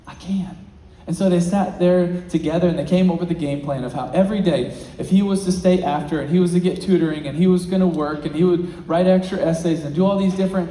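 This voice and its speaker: A man giving a motivational talk as a featured speaker, telling a story and swinging between hushed and loud, excited passages. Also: a little high. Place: large event hall. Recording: echoey hall.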